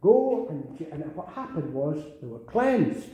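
A man's voice: fairly high pitch, big pitch swings, takes it slowly, dark tone. An older man preaching a sermon earnestly, repeating phrases and rising to emphatic calls. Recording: very echoey room.

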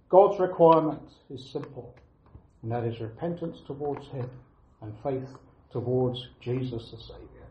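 Earnest preacher in an echoey room. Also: male voice, medium pitch, a little hiss or hum. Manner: earnest, emphatic, with repeated phrases and pauses. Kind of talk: sermon. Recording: echoey room, dull lo-fi sound.

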